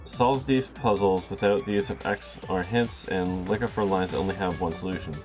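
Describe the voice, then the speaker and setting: A man's voice: low voice, normal speed, a little mellow. A man casually talking through a video game, rambling and reading its dialogue aloud. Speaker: let's play host. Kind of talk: casual gameplay commentary and line reading. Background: game music.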